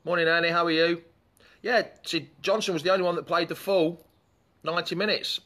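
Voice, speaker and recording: A man's voice: a little high, fairly even intonation, fairly quick, bright, forceful tone. A man hosting a live fan chat show in a chatty, rambling way, breaking off to greet commenters.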